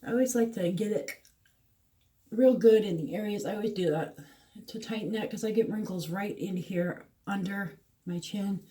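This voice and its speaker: A woman's voice: mid-range voice, normal speed, warm tone, distant mic. A middle-aged woman, chatting casually through a skincare routine with lots of fillers. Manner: chatty, rambling, frequent fillers. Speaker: beauty vlogger. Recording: voice a bit away from the mic.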